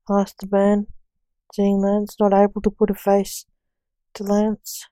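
Slow, mellow-voiced woman reading a story. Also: medium pitch, completely flat delivery, no echo, poor audio. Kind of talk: reading her own story aloud.

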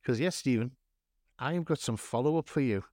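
A man's voice: medium pitch, brisk, warm tone, no room sound. A man co-hosting a podcast in casual chat, with mock-grand, theatrical scene-setting. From North East England. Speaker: podcast co-host.

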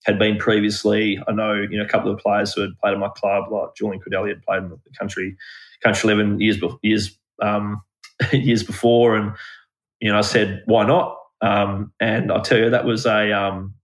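A man's voice: on the low side, flat delivery, moderate pace, low-quality recording. An Australian man talking casually as a podcast guest, telling rambling anecdotes. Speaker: guest, former country cricket coach.

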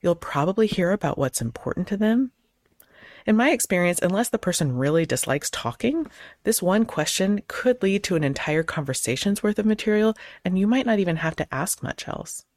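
A woman host in her thirties giving casual advice on conversation, acting out both sides of sample chats in quick changes of voice. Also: lowish voice, expressive, a little mellow, no echo, clean studio sound. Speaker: podcast host; clergy.

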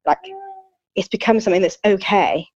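A woman's voice: mid-range voice, moderate pace, a little mellow, lo-fi sound. A woman in her thirties chatting candidly as a podcast co-host, open and talkative with lots of fillers and self-mocking jokes. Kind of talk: candid casual chat.

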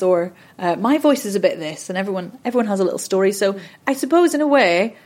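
A woman's voice: medium pitch, lively intonation, fast, hardly any pauses, a little mellow. A woman in her thirties, a voice and accent coach, talking in a chatty, rambling way with frequent restarts in a podcast interview. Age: 30s.

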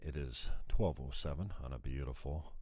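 A man in his forties from Canada hosts his own podcast with a very deep, dark voice. He rambles in an offhand, self-mocking way, and the recording sounds dry and close. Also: moderate pace, slightly rough, no echo. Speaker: podcast host. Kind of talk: casual solo podcast talk.

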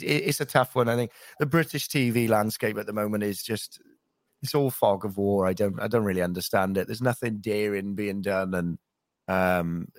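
A male voice actor and impressionist, talking in a lively, self-interrupting way during a casual interview. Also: low-pitched, dry recording, clean studio sound.

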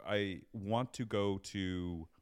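A man's voice: lowish voice, slow pace, smooth. A young man co-hosting a podcast, chatting in a camp, joking way. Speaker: podcast co-host. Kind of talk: casual chat.

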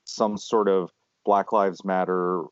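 A man co-hosting a podcast, telling stories in a rambling, animated casual chat. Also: low-pitched, takes it slowly, clean tone, no echo. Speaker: podcast co-host. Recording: dull lo-fi sound.

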